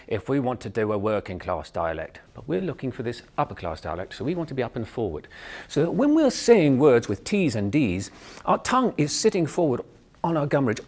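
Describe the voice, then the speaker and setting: A man's voice: medium pitch, darkish tone, husky. A man with a Canadian accent, working as a dialect coach and teaching an accent tutorial. He explains step by step and breaks off to demonstrate sounds.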